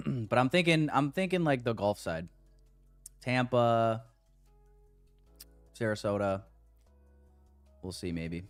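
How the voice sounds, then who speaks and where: A man's voice: mid-range voice, lively intonation, slow, pauses often. American man, casual rambling livestream talk, faint music underneath. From United States. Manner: rambling, chatty, reading chat aloud. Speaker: trading livestream host.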